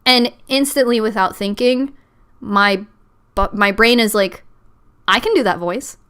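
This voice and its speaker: A woman's voice: mid-range voice, a little slow, fairly bright tone, clean tone. A young woman in casual chat, telling a story in a chatty way, swearing and mimicking voices. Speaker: podcast host.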